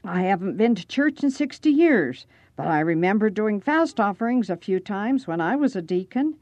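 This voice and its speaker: A raspy, gruff old man , as a woman reader puts him on leans on each question with a sharp, suspicious edge and a lively rise and fall in his voice. The sound is close and dry. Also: medium pitch, moderate pace, no echo, dull audio, voice pushed up, lightly acted.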